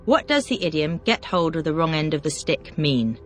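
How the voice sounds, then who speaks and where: A teacher runs a language drill, reading out single vocabulary words and then firing brisk questions. The voice sits at a middle pitch, its intonation swings widely, and faint music plays underneath. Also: sing-song. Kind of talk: scripted question-and-answer drill.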